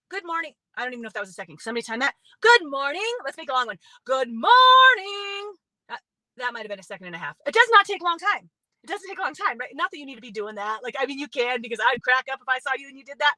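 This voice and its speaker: A young woman talks to her viewers in a chatty, upbeat motivational style. Her voice sits high and sounds bright, recorded dry and close. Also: no room sound, low-quality recording. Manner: chatty, upbeat, lots of "right?" and "you guys". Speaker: motivational speaker. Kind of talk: casual motivational talk to viewers.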